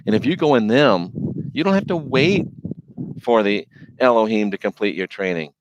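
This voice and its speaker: A man's voice: on the low side, expressive, moderate pace, muffled recording, background noise, close to an everyday voice. A man voicing a sly male snake tempter who coaxes in a confiding, slangy way. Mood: coaxing.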